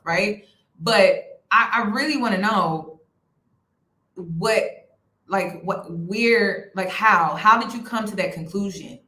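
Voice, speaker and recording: A woman hosting a casual livestream commentary, animated and expressive, sometimes blunt, talking straight to her chat. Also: medium pitch. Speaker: host of a commentary channel. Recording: roomy echo.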